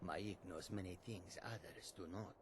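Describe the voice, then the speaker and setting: A pompous lying braggart. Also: male voice, sits low, normal speed, husky, no echo. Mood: boastful. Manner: grand, self-important third-person speech. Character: boastful lying middle-aged man who speaks of himself in third person.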